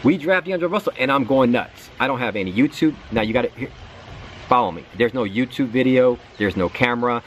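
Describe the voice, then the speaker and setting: A man running a sports channel, telling a long story in casual commentary with lively asides and acted-out reactions. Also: medium pitch, fairly quick, lo-fi sound, slight background noise. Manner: animated storytelling, repeats words, acts out his own reactions.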